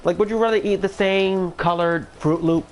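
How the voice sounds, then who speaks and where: A man's voice: high voice, fairly even intonation, moderate pace, a little hiss or hum. A man from Florida chatting casually on a livestream, rambling and hesitant, with many fillers and restarts. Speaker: streamer.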